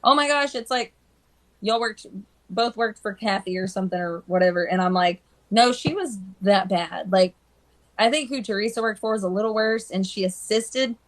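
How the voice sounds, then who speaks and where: A woman hairstylist chatting casually on a live stream, telling animated stories and acting out the people she quotes. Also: mid-range voice, moderate pace. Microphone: phone.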